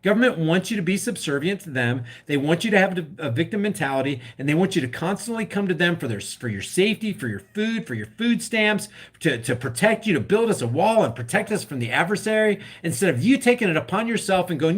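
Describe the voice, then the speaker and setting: A middle-aged man rants through political commentary, his voice sitting notably high for a man. He talks with fired-up passion and keeps slipping into mocking impressions of scared people. Between rants he reads out viewer comments in a chatty way. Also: expressive, a little fast, hardly any pauses. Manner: impassioned ranting, acts out scared voices. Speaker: political vlogger reacting to a clip. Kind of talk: live-stream commentary reading comments.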